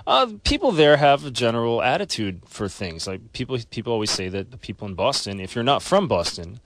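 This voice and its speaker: Male radio news co-host, conversational, animated intonation, dry studio mic. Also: mid-range voice, brisk, no room sound. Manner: relaxed, conversational, trails off. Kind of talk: casual radio banter.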